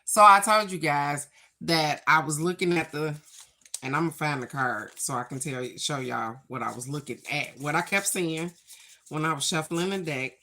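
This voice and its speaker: A woman's voice: low-pitched, moderate pace, bright, forceful tone. A woman chatting to her viewers as she draws her daily spiritual cards. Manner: chatty, spiritual, talks to viewers as "y'all" and "baby". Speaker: card reader. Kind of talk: casual daily card reading vlog.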